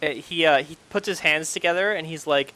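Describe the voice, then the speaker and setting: Halting, bright-voiced young man running the game. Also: on the high side. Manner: hesitant, many fillers and restarts. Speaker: game master. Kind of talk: narrating a tabletop game.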